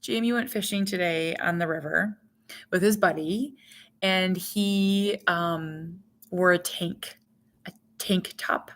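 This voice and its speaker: A woman's voice: on the low side, takes it slowly, fairly bright tone. A middle-aged woman hosting a casual live stream, rambling chattily and reading out viewer comments as she goes.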